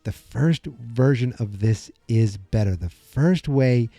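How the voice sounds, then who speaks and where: Gravelly, very dark and mellow, a middle-aged man's mid-range voice rambles through casual movie talk on his podcast, restarting often and doing film lines in quick voices. The recording is dry and close with no room around it, with faint music behind.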